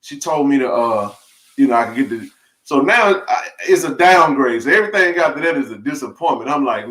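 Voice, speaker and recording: A middle-aged man, telling a rambling, animated story on a live stream, full of restarts and laughs. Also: medium pitch, a little fast. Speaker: live-stream sports chat host. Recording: roomy echo.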